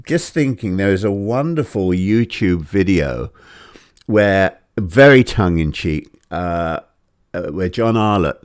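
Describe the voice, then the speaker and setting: Chatty low-voiced male interviewer. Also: animated, slow pace, clear, resonant tone, no echo, clean studio sound. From England. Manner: chatty, digressive, self-deprecating. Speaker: host, interviewer. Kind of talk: casual chat.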